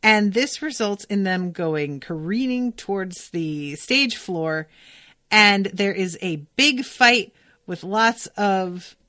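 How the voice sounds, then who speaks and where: A woman's voice: mid-range voice, a bit bright, no room sound, clean studio sound. A woman hosting a podcast, casually recapping an episode with lots of filler words and amused asides. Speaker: podcast host recapping a cartoon.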